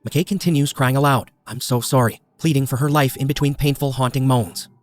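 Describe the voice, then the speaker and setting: A true crime podcast narrator speaks quickly at a middle pitch with fairly even intonation. Grave and measured, he delivers a scripted reading, setting out every detail in a steady way.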